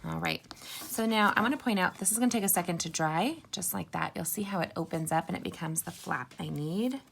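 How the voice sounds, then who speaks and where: A woman's voice: fairly low pitch, brisk, creaky, slight background noise. A woman giving a chatty, upbeat card-making tutorial and talking straight to her viewers. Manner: chatty, upbeat, addresses viewers as "you guys" and "sisters". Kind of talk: casual crafting tutorial.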